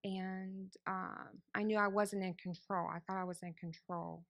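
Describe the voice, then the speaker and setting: A woman's voice: medium pitch, little pitch movement, unhurried, vocal fry, a bit bright, no room sound. A woman telling her personal testimony to a church congregation, candid and conversational, acting out her own past thoughts. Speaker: church member giving testimony.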